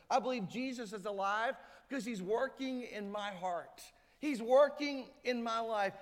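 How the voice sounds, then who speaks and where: Pastor, male, high voice, emphatic sermon delivery, church reverb. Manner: emphatic preaching, acts out crowd voices. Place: church sanctuary. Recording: hall reverb.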